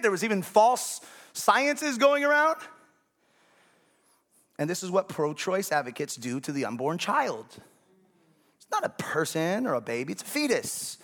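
A man's voice: high-pitched, fairly bright tone. Conversational male pastor preaching a sermon. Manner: conversational, checks in with the congregation.

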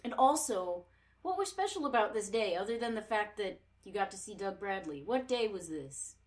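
A woman's voice: medium pitch, big pitch swings, moderate pace. A woman co-hosting a casual podcast chat, reacting with gushing exclamations and laughter and asking follow-up questions.

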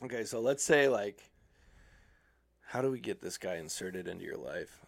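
A man's voice: fairly low pitch, normal speed, gravelly. A man in casual chat, telling a story and acting out the people in it. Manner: animated storytelling, acting out quoted voices.

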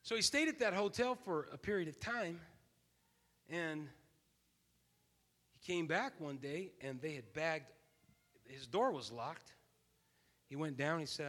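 A man in his fifties preaching a sermon as a pastor, telling a story and then building to loud, emphatic preaching. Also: a little high, animated, a little slow, pauses often. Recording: long reverb of a large hall.

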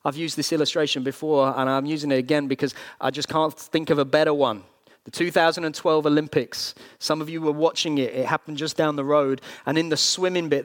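A man preaching a sermon, earnest, leaning on slow emphatic phrases with sudden bursts of energy. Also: on the high side. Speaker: pastor.

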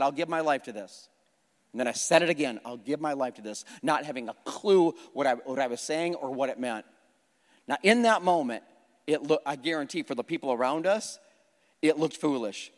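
A man preaching a sermon in a church, conversational and animated, repeating phrases for emphasis and joking at his own expense. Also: fairly high pitch. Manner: conversational with self-deprecating humor. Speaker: pastor. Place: church hall. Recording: long hall reverb.

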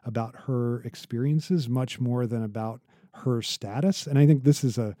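A man co-hosting a conversational academic podcast, telling stories with many halting restarts. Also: medium pitch, dark tone, no echo, studio quality. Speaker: podcast co-host.

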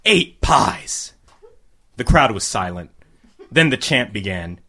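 A man reading a crude comic short story aloud to a live audience, with a deadpan delivery. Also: lowish voice, normal speed.

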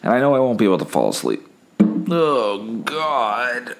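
A man's voice: lowish voice, huge pitch swings, rapid-fire, creaky, a little mellow, faint music behind. A sick young man hosting a casual solo podcast, telling wry, rambling stories while holding back coughs. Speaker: podcast host.

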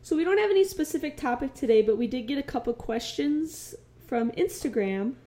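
A woman co-hosting a podcast, chatting casually into a podcast microphone, bubbly and quick to laugh. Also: sits high, animated, warm tone. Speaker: podcast co-host.

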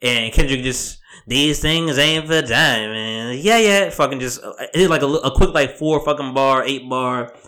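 A man's voice: mid-range voice, moderate pace, few pauses, a bit bright. A young man co-hosting a podcast, talking in loose, profane, laughing banter. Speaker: podcast co-host. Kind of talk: casual chat.

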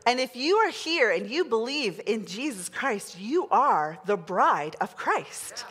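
Middle-aged woman preacher, high voice that swoops all over, chatty and excitable; big church hall. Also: slow pace, breathy edge. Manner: chatty, excitable, leads the crowd in call-and-response. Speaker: pastor. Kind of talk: sermon. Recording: long hall reverb.

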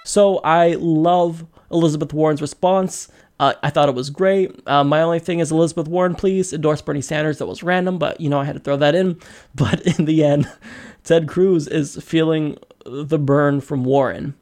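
A man with a slightly high voice talks as a podcast host. His commentary is casual and animated, and he leans hard into sarcasm between quick asides.

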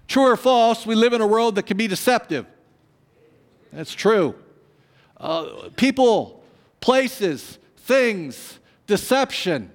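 A man preaching a sermon as a pastor, swinging from booming lines to hushed ones and tossing humorous asides to the congregation. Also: sing-song, slow. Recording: long hall reverb.

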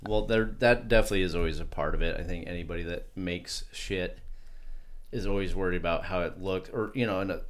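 A man's voice: sits low, fairly quick. A man co-hosting a casual podcast about art and creativity, rambling and restarting his sentences as he thinks aloud. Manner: rambling, self-interrupting, with many restarts. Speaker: podcast co-host. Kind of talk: casual chat.

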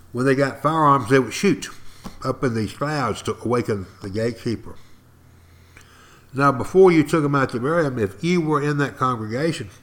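A man giving a podcast history lecture as a folksy, dramatic storyteller who keeps turning to speak directly to his listeners. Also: mid-range voice.

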